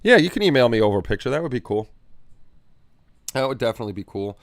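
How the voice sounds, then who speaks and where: Broadcasting from a home hobby room, this livestream host talks fast and very animatedly in a mid-range voice, rambling easily through viewer comments and repeating himself. The sound is studio quality with no echo.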